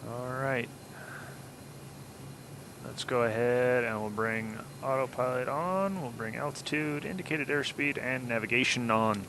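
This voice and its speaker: A man's voice: mid-range voice, unhurried, background noise. A man hosting a casual flight simulator let's-play, chatting and explaining each step as he goes. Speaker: flight sim gameplay host.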